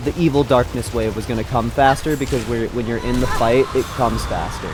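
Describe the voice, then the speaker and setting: A man streaming a game live, swearing and yelling in frustration, mocking himself and laughing often. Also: medium pitch, fairly quick, background noise. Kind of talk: live gameplay commentary.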